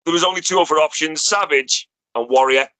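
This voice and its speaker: A man talking animatedly on a podcast, full of swearing and big comparisons. His voice is bright and sharp, and it sits a little high. The sound is dry and close. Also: brisk, dry recording, rough recording. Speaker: podcast guest. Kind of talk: casual chat.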